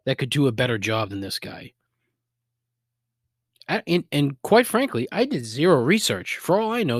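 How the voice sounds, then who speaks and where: A man with a thick Boston accent rants alone into the mic, swearing freely and dropping sarcastic asides. His pitch leaps around as he works himself up, and the sound is dry and close, with no room around it. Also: dry recording. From Boston area, USA. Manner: profane, exasperated griping with sarcastic asides. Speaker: podcast host. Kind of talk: solo podcast rant.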